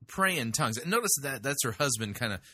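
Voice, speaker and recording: A man's voice: medium pitch, big pitch swings, fast, pushed and bright, slightly rough, no room sound. A man hosting a show, making sarcastic, mocking commentary on played clips. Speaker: host.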